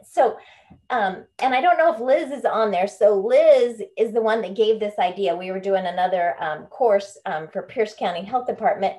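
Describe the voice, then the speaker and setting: A woman's voice: on the high side, mellow. A woman leading a book club over a video call, chatty and bubbly, laughing often. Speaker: book club leader and home coach. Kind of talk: casual online group talk.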